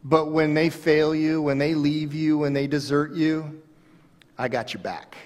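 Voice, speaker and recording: A man's voice: a little high, fairly even intonation, unhurried, a little mellow, lightly acted. A man voicing the apostle Peter as a brash, eager braggart, in a reverberant hall. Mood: boastful.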